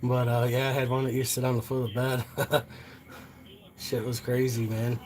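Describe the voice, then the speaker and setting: A man's voice: mid-range voice, completely flat delivery, moderate pace, darkish tone, a little hiss or hum. A middle-aged man telling a story on a live stream in a loose, profane, rambling way, often asking "you know what I mean".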